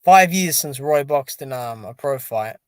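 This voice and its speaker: A tired, sleepy man chatting casually on a live stream, reacting out loud and reading viewer comments. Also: mid-range voice, expressive, unhurried, no echo. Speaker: boxing stream host.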